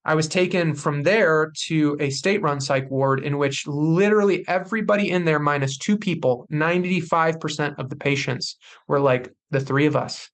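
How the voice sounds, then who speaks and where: A young man with a slightly high-pitched voice tells a personal story on a podcast. He speaks intensely and slips into acted quotes of the people he met. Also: normal speed. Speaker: podcast guest.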